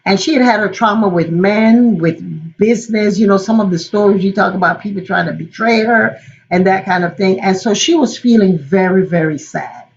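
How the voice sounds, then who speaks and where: A woman, a spiritual teacher, telling a sacred story in a lively way and acting out the voices. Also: mid-range voice, moderate pace. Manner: animated, acts out the quotes. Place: Florida. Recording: dull lo-fi call audio.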